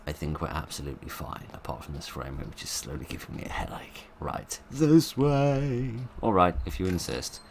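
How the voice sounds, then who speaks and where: A man with a very low, deep voice talks through a horror game in a wry, playful way, full of rambling jokes and asides. A steady hiss of background noise sits under his voice. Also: fast, gravelly, few pauses. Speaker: gaming video host. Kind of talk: let's play commentary.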